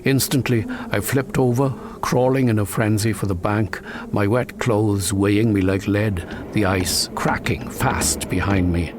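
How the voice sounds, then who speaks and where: A man narrating a suspenseful first-person story in a measured, dramatic way, breaking into sharp cries at tense moments. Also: fairly low pitch, steady tone, noisy background. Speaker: audiobook narrator.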